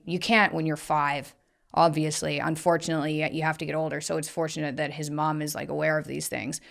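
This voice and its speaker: Low, gravelly-voiced woman host. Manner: animated, frank, lots of filler likes. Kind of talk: casual conversation.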